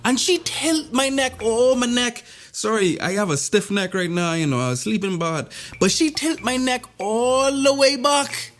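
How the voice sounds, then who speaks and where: A man telling a comedic story in an animated, rambling way, full of playful asides. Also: very high-pitched, a little slow, faint music behind. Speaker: vlogger.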